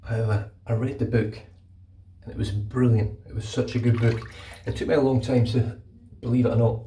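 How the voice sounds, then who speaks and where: A man's medium-pitched, steady, mellow voice moves briskly as he rambles casually and occasionally swears while shaving. The echoey bathroom recording, made from a distance, carries running tap water and a little hiss or hum.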